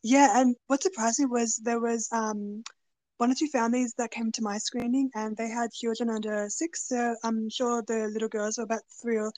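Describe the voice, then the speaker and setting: A woman hosting a podcast interview, speaking casually and hesitantly, often pausing to search for words. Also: on the high side, flat delivery, a little mellow, no echo. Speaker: podcast host.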